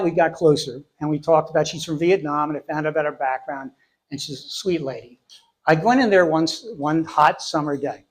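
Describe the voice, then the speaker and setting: A man's voice: on the high side, fairly quick. Self-mocking middle-aged man telling stories. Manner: self-deprecating, deadpan, laughs at own lines. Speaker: storyteller. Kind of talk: live comic storytelling. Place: stage before a live audience.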